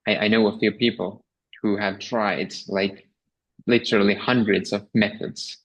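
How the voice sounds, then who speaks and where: A man hosting a podcast speaks in a reflective, halting way, searching for his words and restarting phrases. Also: lowish voice, flat delivery, slightly rough, rough recording. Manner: hesitant, many fillers and restarts, reflective. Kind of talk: conversational podcast talk.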